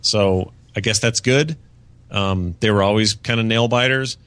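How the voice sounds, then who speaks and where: A man's voice: fairly low pitch, a little slow, fairly bright tone, no echo. A man co-hosting a podcast in casual chat, rambling with many fillers and restarts. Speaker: podcast co-host. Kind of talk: casual chat reviewing a TV season. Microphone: podcast studio mic.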